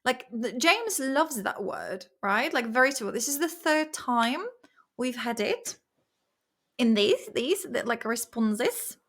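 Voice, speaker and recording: Slow, playful woman thinking aloud. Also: fairly high pitch, lively intonation, fairly bright tone. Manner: playful, rambling, sounds out words repeatedly. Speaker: vlog host studying vocabulary. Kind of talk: casual study-along chat.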